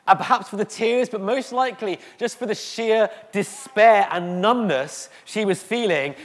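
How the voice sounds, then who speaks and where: Guy preaching in a church hall, kinda high voice, slow dramatic pauses, echo all around. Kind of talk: sermon. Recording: echoey hall.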